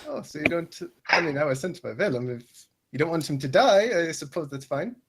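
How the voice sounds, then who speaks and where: Calm clipped guy player at the game table. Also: on the high side, brisk, very noisy.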